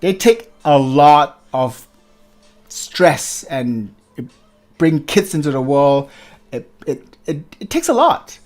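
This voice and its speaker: Playful man with a lively voice. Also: a little high, slow pace, faint music behind. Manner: playful, laughs easily. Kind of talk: casual panel discussion.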